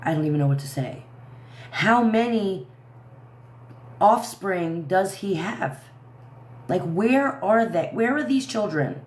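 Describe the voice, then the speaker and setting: A woman's voice: medium pitch, animated, takes it slowly, pauses often, darkish tone, roomy sound. A woman in her thirties hosting a casual livestream, talking to her viewers in an indignant, rambling way. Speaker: livestream commentary host.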